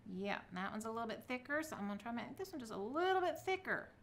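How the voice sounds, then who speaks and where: A woman's voice: fairly high pitch, big pitch swings, fast, a little hiss or hum. A middle-aged woman, chatting through a casual craft tutorial and cheering herself on as she works. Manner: chatty, self-encouraging, talks to viewers. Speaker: craft vlogger.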